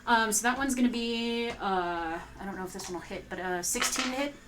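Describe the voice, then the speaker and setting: A woman's voice: a little high, a little fast, rough recording. A woman playing a tabletop game, chatting and thinking aloud as she adds up her attack rolls. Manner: chatty, thinks aloud while adding dice. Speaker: player. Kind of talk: casual tabletop game play. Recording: clear music behind voice. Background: music.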